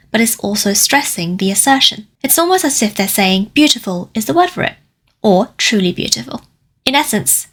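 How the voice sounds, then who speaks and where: Husky-voiced woman teaching language. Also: medium pitch, fairly bright tone. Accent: Cantonese. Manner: clear, careful explanations with slowed Cantonese examples. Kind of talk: scripted explanatory lesson.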